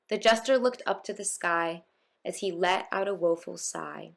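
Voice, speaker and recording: A woman's voice: lowish voice, moderate pace, creaky. A woman narrating a rhyming children's storybook in a lilting, rhythmic reading.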